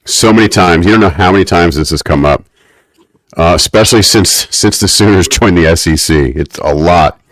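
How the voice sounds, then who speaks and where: A man's voice: low-pitched, a little fast, no echo. A man co-hosting a podcast, recapping an episode in a wry, mock-academic way. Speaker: podcast co-host. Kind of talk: casual podcast recap chat.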